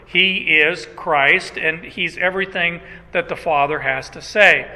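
A high, very bright male voice preaches with emphatic, rhetorical energy. He leans hard on key words and slows them down. His voice carries a long reverb tail from a large hall. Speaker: pastor. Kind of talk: sermon.

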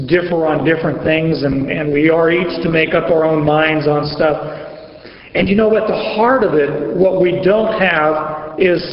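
A man teaching a Bible passage verse by verse in a conversational, emphatic way, reading the scripture and rephrasing it as he goes. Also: a little high. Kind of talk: verse-by-verse sermon. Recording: echoey long-reverb hall, dull lo-fi sound.

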